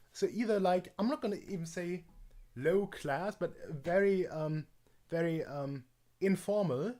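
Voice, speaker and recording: A man's voice: high-pitched, unhurried, mellow. A man streaming in a casual chat, rambling and hesitant with frequent restarts and fillers.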